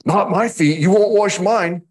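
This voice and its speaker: A man's voice: high voice, measured pace, husky, pitched above the performer's own voice. A man voicing an impulsive, protesting adult man, the apostle Peter, in a sermon. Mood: indignant. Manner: indignant, overeager protests.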